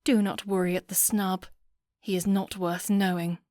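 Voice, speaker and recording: A woman reading a proud, spirited young noblewoman with a poised, sharp manner, in an audiobook. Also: mid-range voice, flat delivery, moderate pace, dry recording, studio quality, natural voice.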